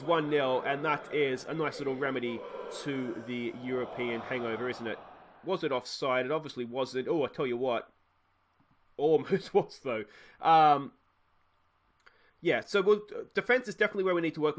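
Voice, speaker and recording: A young Australian man commentating his own football management game, talking casually and breaking into exasperated yells. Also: mid-range voice. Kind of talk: let's-play commentary.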